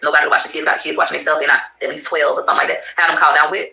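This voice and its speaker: A speaker in a played clip, talking to camera and rapidly explaining a point step by step. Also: medium pitch, level tone, gravelly, pushed and bright. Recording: echoey room with faint background noise.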